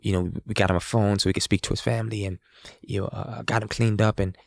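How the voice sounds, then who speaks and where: A young man from New Orleans, a guest musician, telling a story in a casual, animated way. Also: fairly low pitch, quick pace, vocal fry, no echo. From New Orleans, USA. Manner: animated, acts out quoted voices.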